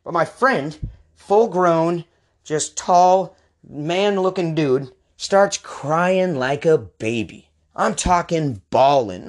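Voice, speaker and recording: A man in his thirties telling a comedic personal story in an animated, casual, slangy way. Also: a little high, slow pace.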